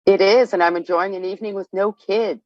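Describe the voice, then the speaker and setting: Woman, upbeat guest talking fast over dull, lo-fi remote call audio. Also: mid-range voice, fairly even intonation, a little mellow, no echo. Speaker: business owner guest. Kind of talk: casual chat.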